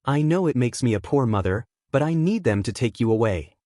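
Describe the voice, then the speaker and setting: A man's voice: mid-range voice, expressive, fairly quick, dark tone, no room sound, studio quality, close to an everyday voice. A man reading as a cold, condescending mother. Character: cold, weary middle-aged mother.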